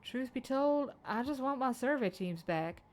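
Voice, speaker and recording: A woman's voice: high-pitched, lively intonation, unhurried, pitched above the performer's own voice. A woman voicing a blunt young female chief surveyor in a video game, with a clipped British accent and a drawling, swearing manner. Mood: musing. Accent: British received pronunciation put on.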